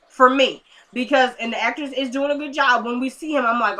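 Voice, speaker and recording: Excitable chatty woman, bright voice. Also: sits high, moderate pace, few pauses. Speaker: TV episode reviewer. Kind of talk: casual recap commentary.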